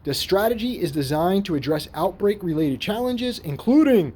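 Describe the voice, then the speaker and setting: A man's voice: high voice, animated, normal speed, darkish tone, breathy edge. A man giving an indignant, profane commentary while reading headlines aloud from his screen. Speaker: commentary vlogger. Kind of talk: ranting screen-share commentary.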